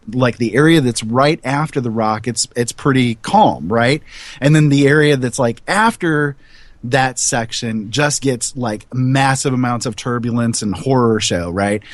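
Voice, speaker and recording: A man in casual chat, rambling through a long explanation with animated asides. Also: mid-range voice, no echo.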